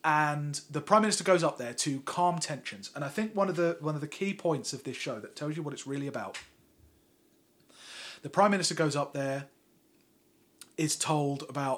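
A man co-hosting a podcast in casual chat, animated and sardonic, talking in long run-on sentences. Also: on the high side, moderate pace, pauses often. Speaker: podcast co-host.

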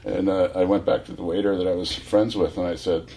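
A man in his sixties from California, a guest telling rambling, animated stories full of restarts. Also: sits low, fairly quick, a little hiss or hum. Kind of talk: casual storytelling.

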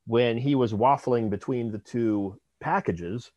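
A man's voice: medium pitch, measured pace, a little mellow, no room sound, dull audio. A man hosting a podcast interview, affirming and summing up his guest's points. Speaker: podcast host. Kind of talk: interview conversation.

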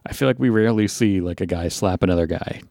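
A man's voice: deep voice, fast talker, gravelly, mellow, no room sound, studio quality. A man co-hosting a podcast, musing in a thoughtful, hesitant way. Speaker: podcast co-host. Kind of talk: casual chat.

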